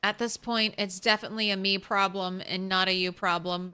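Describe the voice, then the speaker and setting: A woman's voice: mid-range voice, fairly even intonation, normal speed, few pauses, bright, forceful tone, smooth. A woman streamer chatting casually with her viewers while playing a game, rambling and talking to chat. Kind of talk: casual gameplay commentary.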